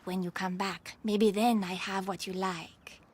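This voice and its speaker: A stubborn French junk seller. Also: female voice, medium pitch, steady tone, a little slow, husky. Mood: firm. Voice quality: firm, unbudging haggler. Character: stubborn female junk seller at a market stall. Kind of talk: video game character dialogue.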